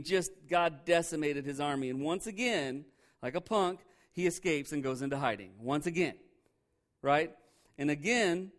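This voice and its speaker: A pastor teaching through a Bible passage in a conversational sermon, joking and animated with sarcastic asides. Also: male voice, fairly high pitch.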